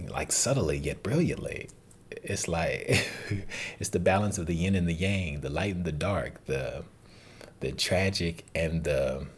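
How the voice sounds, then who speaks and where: A man's voice: extremely low pitch, slight background noise. A man talking casually and earnestly as a movie reaction host, rambling and calling the listener dude and man.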